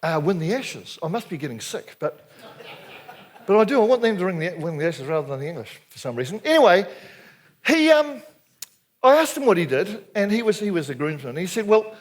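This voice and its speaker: An older Anglican minister with a New Zealand accent tells stories in a sermon to a hall of men. His high voice swings widely up and down as he speaks briskly, keeping things lively, jokey and chatty, often tossing questions to the crowd.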